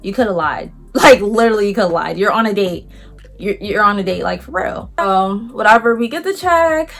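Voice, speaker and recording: A woman vlogger telling a casual story in a lively way, acting out what other people said and using a lot of slang. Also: medium pitch, a little fast, vocal fry, faint music behind.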